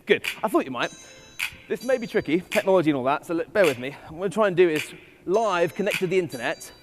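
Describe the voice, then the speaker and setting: Amid background noise, a man with an English accent gives a keynote to a live audience on a festival stage in a large hall, speaking as a conference speaker with playful, self-mocking asides. His voice is high, with lively intonation and a quick pace. The recording carries long hall reverb.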